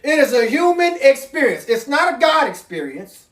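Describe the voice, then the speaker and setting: A man's voice: very high-pitched, sing-song, normal speed, a bit bright. Male preacher, casual sermon delivery, reads then explains in everyday talk, recorded off-mic in a roomy space. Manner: reads passages aloud, then explains them in plain talk; loose, conversational, with sudden emphatic rises. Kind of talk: informal sermon. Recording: roomy, distant sound.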